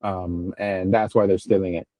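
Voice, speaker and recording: Deep and dark, this man's voice has a flat delivery at normal speed, captured in a rough recording without room sound. As a podcast co-host, he casually recaps a TV episode, rambling with lots of fillers and restarts.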